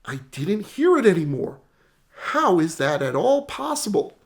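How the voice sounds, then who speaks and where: A bewildered park visitor, as a man puts him on in a lesson, earnestly asking a professor what happened. The voice swings high and low with lively pitch and has a gravelly edge. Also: measured pace, full character voice. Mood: puzzled. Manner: puzzled, earnest questioning.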